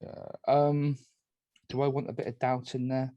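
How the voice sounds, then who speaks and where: A man running an online party game as moderator, calm and polite as he narrates each night phase over a video call. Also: medium pitch, a little slow, no room sound, lo-fi sound.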